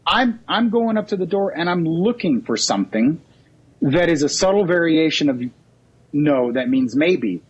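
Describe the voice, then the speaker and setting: A man's voice: fairly high pitch, expressive, normal speed, breathy edge, highs cut off. A man, a real estate agent, telling stories and acting out both sides of a doorstep conversation as a podcast guest. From California. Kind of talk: animated storytelling with acted-out dialogue. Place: mobile office.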